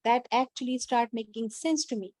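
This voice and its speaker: A woman in a group discussion, sharing her view earnestly and haltingly, with frequent restarts. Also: fairly high pitch, darkish tone, no echo.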